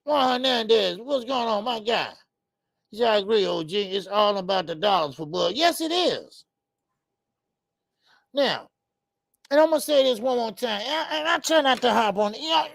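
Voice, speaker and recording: Boxing talk-show host, heated rant, gravelly voice, dry close sound. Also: medium pitch, dry recording. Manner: fired-up, repetitive, talks straight to viewers.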